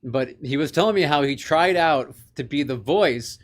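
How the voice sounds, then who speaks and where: A man co-hosting a movie podcast, telling a story in relaxed, laughing casual chat. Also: a little high, moderate pace. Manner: chatty storyteller, laughs often. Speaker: podcast co-host.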